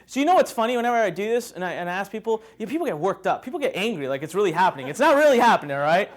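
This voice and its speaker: A man with a high voice delivers a live motivational seminar to a workshop audience. He tells stories animatedly, acting out little scenes and joking with the room as he goes. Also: very fast. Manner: animated storytelling, acts out scenes, jokes with the audience. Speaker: motivational speaker.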